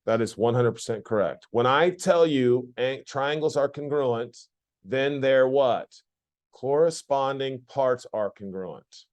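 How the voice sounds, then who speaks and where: A man's voice: medium pitch, darkish tone. A man teaching a geometry lesson in a classroom, often repeating points and asking the class questions. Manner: repetitive, questioning the class, plainspoken. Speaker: math teacher. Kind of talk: classroom lecture.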